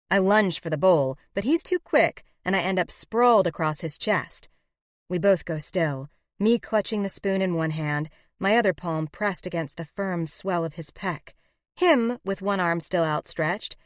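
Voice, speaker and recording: Low-voiced woman narrating a romance. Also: a little slow, dry recording, clean studio sound. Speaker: audiobook narrator. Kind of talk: scripted first-person narration.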